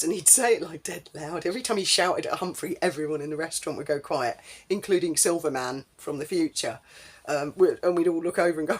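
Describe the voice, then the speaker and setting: A woman's voice: low-pitched, fast, slightly rough. A woman, telling a casual story in a chatty, rambling way full of ums. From England. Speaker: vlogger.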